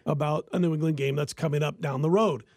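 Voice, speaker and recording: A man hosting a casual sports-betting podcast, an animated storyteller who laughs often. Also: fairly high pitch, fast talker, no room sound, studio quality. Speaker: podcast host and sports handicapper.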